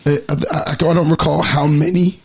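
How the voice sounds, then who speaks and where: A man co-hosting a podcast, explaining things in a laid-back, halting way in casual chat. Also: fairly high pitch, flat delivery, a little mellow, husky. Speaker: podcast co-host.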